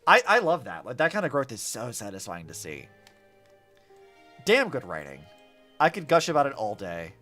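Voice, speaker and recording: A young man chatting casually while playing a game, with lots of fillers and quick asides. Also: mid-range voice. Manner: chatty, animated, many likes and fillers. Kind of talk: casual gameplay commentary. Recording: faint music behind. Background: faint game music.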